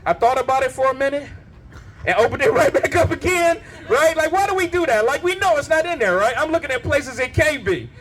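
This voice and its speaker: A middle-aged male comedian working a stage mic with a very high, bouncing voice. He tells animated stories, laughs at his own jokes, and slips into sung bits, with a faint hum of room ambience behind him. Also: brisk. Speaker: stand-up comedian. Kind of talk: stand-up comedy set.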